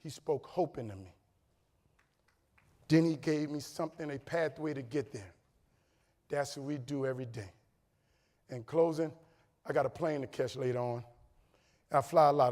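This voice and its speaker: A brisk, fairly high-pitched man from New Orleans, USA energetically delivers a conference keynote meant to motivate. He spins humorous stories toward loud punchlines while the large hall's lengthy reverb trails his voice.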